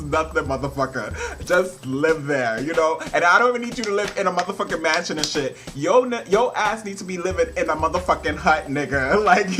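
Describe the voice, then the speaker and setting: A man's voice: on the high side, a bit bright, slight background noise. A man giving a casual, rambling review, laughing often and swearing freely. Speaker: film reviewer.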